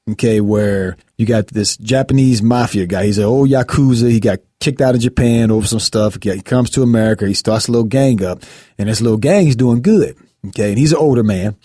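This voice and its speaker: A man hosting a podcast in casual chat, an animated storyteller who acts out the scenes he retells. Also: on the low side, no room sound, clean studio sound. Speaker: podcast host.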